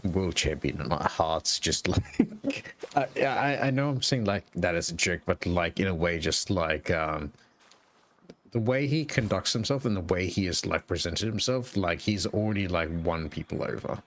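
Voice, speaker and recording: A man chatting casually on a game stream, speaking slowly and haltingly with many fillers. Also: deep voice, animated, fairly bright tone, slight background noise. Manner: slow, hesitant, full of "like" and "um". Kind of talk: casual gaming stream chat.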